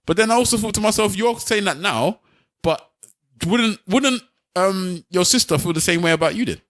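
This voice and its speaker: A man's voice: sits high, lively intonation, moderate pace, fairly bright tone. A man defending himself in a podcast argument, stumbling over restarts. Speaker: podcast co-host. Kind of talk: heated personal argument.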